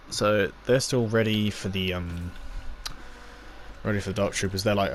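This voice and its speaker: A man's voice: fairly low pitch, fairly even intonation, normal speed, a little hiss or hum. A man giving a casual, rambling spoken review, recapping scenes with lots of fillers and little acted-out quotes.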